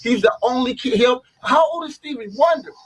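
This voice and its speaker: A man's voice: extremely high pitch, a little fast, slightly rough, low-quality recording. A middle-aged man hosting a radio talk show, rambling and opinionated, peppering his talk with "you know what I'm saying.".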